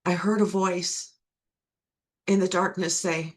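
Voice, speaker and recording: A woman's voice: lowish voice, fairly even intonation, slow pace. A middle-aged woman sharing her recovery testimony, earnest and repeating key phrases for emphasis.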